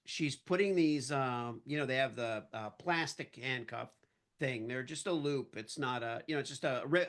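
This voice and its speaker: A man guest on a podcast, telling a casual anecdote in an animated way and acting out the voices of the people in it. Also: mid-range voice. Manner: animated storyteller who acts out quoted voices.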